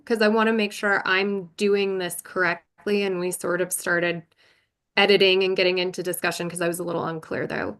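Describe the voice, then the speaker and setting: A woman's voice: medium pitch, a bit bright. A woman chairing a virtual board meeting, talking through procedure carefully and thinking aloud.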